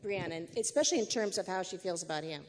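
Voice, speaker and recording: A woman's voice: fairly low pitch, animated, very fast, in a large hall. A woman moderating a panel and asking playful, teasing questions.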